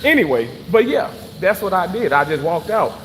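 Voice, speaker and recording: Animated man venting on a break. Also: sits high, moderate pace, big-room sound, a little hiss or hum. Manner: animated, swears freely, repeats phrases. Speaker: vlogger reading live chat. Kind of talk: casual venting monologue.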